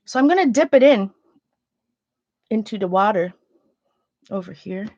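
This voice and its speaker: A woman with a mid-range, somewhat dark voice chats animatedly and a little slowly during a casual painting livestream. She rambles, says hello to viewers, thinks aloud and sniffles, and the sound is dry and a bit muffled with no echo.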